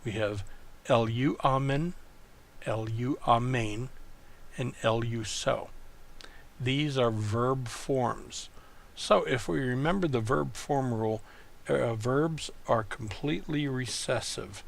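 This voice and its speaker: A man teaching an online lesson, working through exercises step by step and thinking aloud in a slow, methodical way. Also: mid-range voice, vocal fry. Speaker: Greek tutor.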